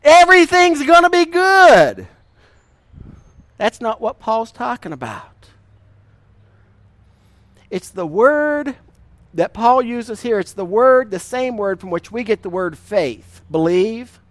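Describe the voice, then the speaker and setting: A middle-aged man preaches in a high voice with lively intonation and no echo. As a pastor, he tells folksy stories, laughs, and lingers on key verses for emphasis.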